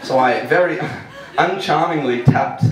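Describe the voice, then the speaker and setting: A man's voice: fairly high pitch, measured pace, heavy background noise. A man telling a funny personal story live on stage, casual and self-mocking, laughing through his lines. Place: live storytelling venue with audience. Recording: echoey hall, mic far off.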